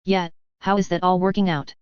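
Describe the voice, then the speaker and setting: A woman's voice: fairly low pitch, level tone, fairly quick, darkish tone, smooth, dry recording, dull audio, natural voice. A woman voicing a laid-back, giggly furry female alien who likes her snacks. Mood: amused. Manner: giggly, easygoing.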